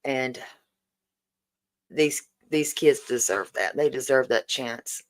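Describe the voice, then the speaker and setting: A woman's voice: rumbling low, slow pace, low-quality recording. A woman, chatting casually and emotionally on a livestream as host, thanking her viewers again and again. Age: 40s. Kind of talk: casual livestream fundraiser chat.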